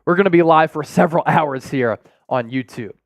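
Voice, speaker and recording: High lively guy hosting a sports live stream, dry close sound, reads super chats. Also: moderate pace, dry recording. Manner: energetic, reads viewer super chats aloud. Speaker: sports show host.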